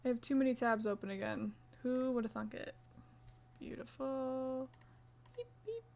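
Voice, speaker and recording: A young woman with a slightly high voice chats playfully through a casual live stream. She reads her viewers' messages aloud, teases them, and drops into soft counting as she crochets. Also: fairly even intonation, fast talker, creaky. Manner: counts stitches under her breath.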